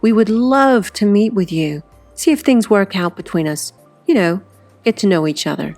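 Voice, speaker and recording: A woman's voice: mid-range voice, animated, normal speed, darkish tone, no room sound, faint music behind, voice pushed up, natural voice. A woman voicing a polite, well-spoken wealthy woman with a posh accent, read as a storybook character. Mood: gracious.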